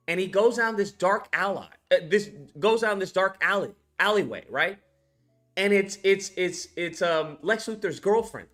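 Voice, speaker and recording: A man's voice: sits high, lively intonation, moderate pace, a bit bright, faint music behind. A man hosting a channel, talking casually and incredulously through a film's scenes, swearing and laughing as he acts them out. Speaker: animation channel host reviewing a film. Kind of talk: casual ranting film commentary.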